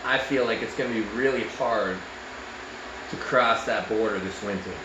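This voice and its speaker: A Canadian man chats in a lively, rambling way, circling back over the same words as his enthusiasm builds. He sounds like he is in an echoey room, with noise audible behind him. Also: fairly low pitch, normal speed, highs cut off. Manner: animated, rambling, repeats himself. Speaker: arm wrestler and show host. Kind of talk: casual chat.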